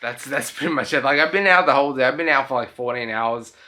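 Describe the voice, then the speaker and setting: A man's voice: mid-range voice, quick pace, pushed and bright. A young man, tipsy and tired, rambling through a casual late-night travel vlog and often breaking off and restarting. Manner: rambling, self-interrupting, loose speech. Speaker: travel vlogger.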